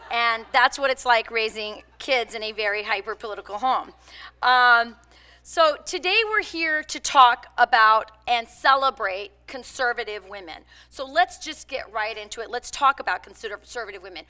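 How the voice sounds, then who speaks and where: A woman's voice: on the high side, moderate pace, pushed and bright. A woman in her forties giving a public talk, mixing personal stories with points, conversational with frequent fillers. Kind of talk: public speech with personal anecdotes.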